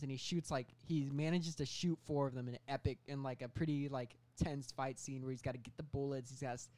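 A man of medium pitch pitches a story on a comedy podcast, rambling and casual. He trails off, restarts and fills gaps with "like" and "um" as he goes. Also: fairly even intonation, a little fast, hardly any pauses, darkish tone. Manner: rambling storytelling with many fillers. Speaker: podcast co-host pitching a movie.

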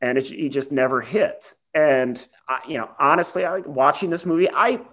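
A man's voice: on the high side, normal speed. Chatty man reviewing a film. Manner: rambling, animated when quoting lines. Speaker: podcast co-host. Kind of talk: casual film review chat.

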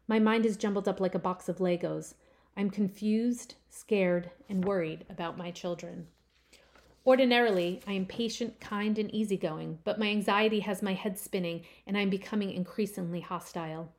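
A woman reading her own first-person short story aloud, with expressive swells on key phrases. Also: medium pitch.

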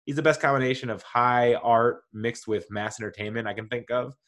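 Male podcast host, average pitch, casual, enthusiastic, rambling monologue with self-corrections. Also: fairly even intonation, brisk, a bit bright. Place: home with dogs nearby.

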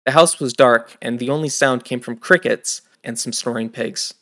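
Guy reading a fantasy audiobook, steady storytelling. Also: medium pitch, normal speed. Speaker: audiobook narrator. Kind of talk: scripted narration.

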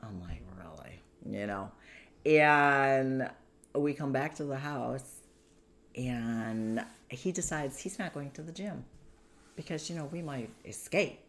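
A woman's voice: rumbling low, slow. A woman as a guest, earnestly recounting her own story in conversation, with lots of "you know" and "like". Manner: earnest, tumbling narration full of "you know" and "like". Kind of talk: candid personal storytelling in conversation.

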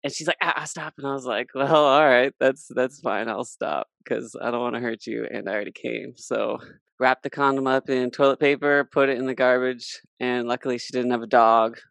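A man's voice: medium pitch, steady tone, fairly quick, creaky, a bit bright, clear, resonant tone, dry recording. A young man telling a personal story in casual chat, matter-of-fact and blunt.

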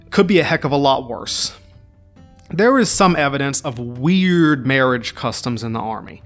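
A man hosting a history podcast, narrating from a script with irreverent, wry asides. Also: fairly high pitch.

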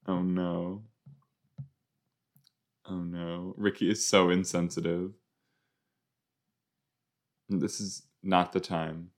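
A man casually commenting while he watches a show, chatty and quick to exclaim or laugh. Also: low-pitched, little pitch movement. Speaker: reaction video host.

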